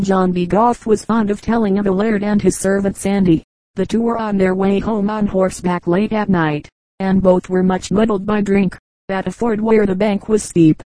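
A woman narrates short comic anecdotes in an even, measured storytelling way. Her voice is mellow and warm. The recording is dry and close, with no room sound around her. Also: mid-range voice, dry recording, rough recording. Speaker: audiobook reader. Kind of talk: scripted narration of humorous anecdotes.

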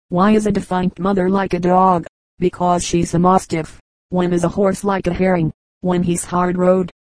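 A woman reading a comic periodical aloud as an audiobook, in a measured, even manner. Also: fairly low pitch, dry recording, poor audio. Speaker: audiobook reader.

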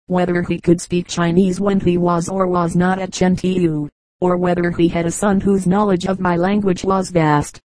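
An audiobook reader giving a measured, even narration of a travel memoir. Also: mid-range voice, no room sound, low-quality recording.

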